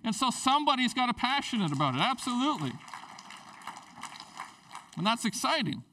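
A man, a pastor, preaching a sermon in a church, swinging between loud, animated bursts and quiet asides with a playful tone. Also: very high voice, brisk, distant mic, a little hiss or hum. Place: church sanctuary.

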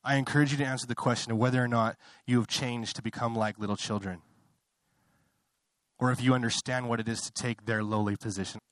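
A man's voice: steady tone, fast talker, fairly bright tone, no room sound. Young male pastor, conversational sermon delivery with impassioned climbs, dry recording. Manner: conversational, building to impassioned high-pitched fervor; self-interrupting, apologetic asides.

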